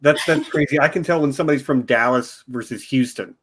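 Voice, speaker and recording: A man's voice: mid-range voice, fast, a bit bright, husky. Easygoing man hosting a chat. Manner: easygoing, brief reactions. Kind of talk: casual chat.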